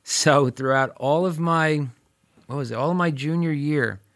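A man interviewed as a former student, telling stories with lively acted-out quotes. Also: on the high side, a little slow, dry recording, studio quality. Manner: animated, acts out quoted voices. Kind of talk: storytelling interview.

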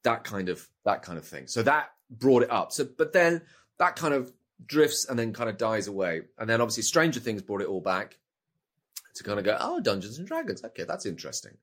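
A man's voice: lowish voice, moderate pace, fairly bright tone. A middle-aged man with a British accent, chatting as an interview guest, rambling and often repeating words as he restarts thoughts. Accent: British English. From Britain. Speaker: actor guest. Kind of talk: casual interview chat.

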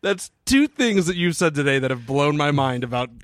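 A man co-hosting a casual movie commentary podcast, excitable and swearing freely, breaking into laughter often. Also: fairly high pitch, moderate pace. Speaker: podcast co-host.

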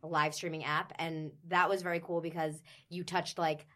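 A woman's voice: low voice, level tone, normal speed, a bit bright. A young woman, a personal trainer and former stage performer, chatting enthusiastically on a podcast with frequent fillers. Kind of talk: casual podcast chat.

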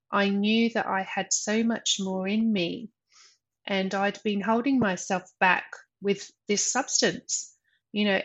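A woman guest in an interview, speaking slowly and reflectively with soft laughs. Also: medium pitch, highs cut off. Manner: slow, reflective, laughs softly. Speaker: guest, sobriety coach.

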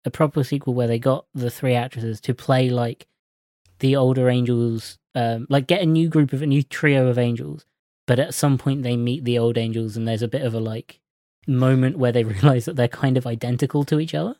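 Excitable man, dry close sound. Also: mid-range voice, fairly quick, no echo. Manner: excitable, emphatic, jokey. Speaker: podcast co-host. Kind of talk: casual film review chat.

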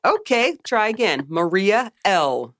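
A woman's voice: medium pitch, big pitch swings, slow pace, no echo, clean studio sound. A woman co-hosting a podcast in casual chat, playful and affectionately teasing. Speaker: podcast co-host.

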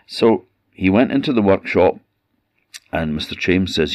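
A man with an Orkney Scottish accent telling a folk tale in a measured, conversational way. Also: low voice, animated, a little mellow, no echo, clean studio sound. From Orkney, Scotland. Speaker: storyteller.

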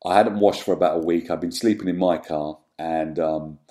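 Guy, low mellow voice, guest on an interview, thoughtful, lots of ums and restarts. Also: fairly even intonation. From London, England. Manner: reflective, halting, many ums and restarts. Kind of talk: candid personal storytelling in an interview.

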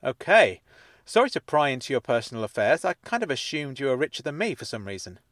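A man voicing a courteous, measured man in a spoken-word story, a little formal. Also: medium pitch, sing-song, a bit bright, no echo, studio quality. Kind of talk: audiobook character dialogue.

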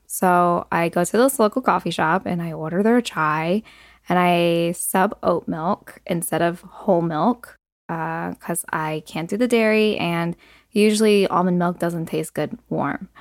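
A young adult woman hosting a solo podcast, talking casually with lots of "like" and "um" fillers and quick asides. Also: on the low side, no room sound, clean studio sound. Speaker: podcast host.

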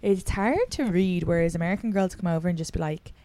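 A woman's voice: fairly low pitch, expressive, mellow, no echo. A young Irish woman hosting a podcast, chatting casually and telling stories in a brash, swear-heavy way. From Ireland. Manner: brash, quick storytelling full of swearing. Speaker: podcast host and comedian. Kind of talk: casual chat.

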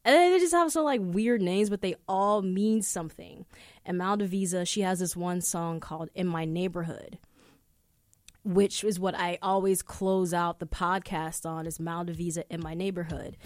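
A woman's voice: fairly low pitch, normal speed, darkish tone, no echo. A woman hosting her own podcast from a studio, rambling through casual stories with lots of swearing. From New York. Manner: chatty, profane, rambling storytelling. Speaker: podcast host. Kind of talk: casual solo podcast chat.

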